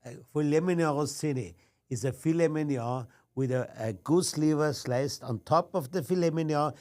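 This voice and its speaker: A man's voice: a little high, normal speed, a little mellow. A man in his sixties from Austria, speaking with an Austrian accent and recounting his chef career in short, clipped phrases. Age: 60s. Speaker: chef and restaurant owner. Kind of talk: interview answers.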